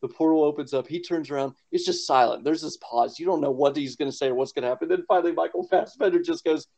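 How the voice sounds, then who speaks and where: This podcast co-host talks quickly with a voice on the high side, creaky and darkish in tone. His casual, rambling chat is full of fillers and laughter, and the lo-fi audio sounds dull.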